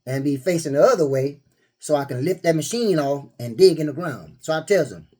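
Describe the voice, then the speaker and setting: A man's voice: a little high, brisk. A man telling everyday stories and quoting scripture in a casual, laughing preaching style. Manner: laughing, animated storyteller who quotes scripture. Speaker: spiritual vlogger.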